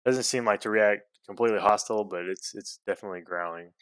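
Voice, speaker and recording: A man's voice: on the low side, fast talker, fairly bright tone, smooth, no room sound. Hesitant male game master. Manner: hesitant, many fillers. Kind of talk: narrating a tabletop game.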